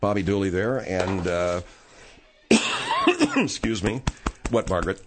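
Lively-voiced radio host with a throat tickle. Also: male voice, fairly low pitch, takes it slowly, background noise. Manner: exasperated, bickering. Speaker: radio talk show host. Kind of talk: radio talk show banter.

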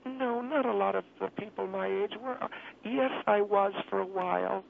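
A man's voice: sits high, moderate pace, voice pushed up, full character voice. A man voicing an elderly woman caller, fussy and indignant, who pleads, repeats herself and sounds exasperated. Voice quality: creaky, gravelly. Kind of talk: radio prank call. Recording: tinny phone line with faint hiss.

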